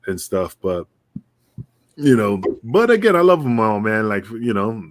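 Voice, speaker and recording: A man's voice: fairly low pitch, measured pace. A middle-aged man, a wrestler guest swapping loose, profane road stories and acting out the people in them. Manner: animated, acts out quoted voices, swears freely. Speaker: podcast guest, pro wrestler. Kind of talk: casual storytelling chat.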